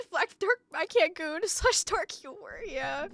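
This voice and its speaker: A woman streamer reacting live, her high, bright voice jumping between excited outbursts and rambling asides. She swears freely and keeps breaking into laughter. The sound is close and dry, with no room behind it. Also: slow pace, vocal fry, no echo.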